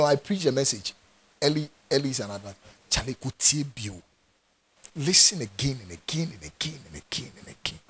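Husky Ghanaian man preaching emphatically. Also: mid-range voice, bright, forceful tone. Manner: emphatic, repeats phrases for stress. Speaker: pastor. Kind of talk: sermon.

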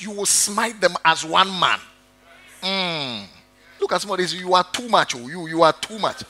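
Forceful, emphatic male preacher. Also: a little high, normal speed, rough recording. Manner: emphatic, repeats key words, addresses congregation directly. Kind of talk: sermon.

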